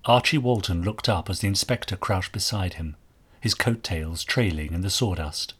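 A man narrating a mystery story with an expressive, varied delivery. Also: sits low, normal speed, husky. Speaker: audiobook narrator.

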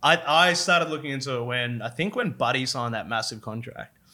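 A man hosting a casual podcast chat, agreeable, quick to laugh and say yeah. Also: mid-range voice, bright, forceful tone. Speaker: podcast host.

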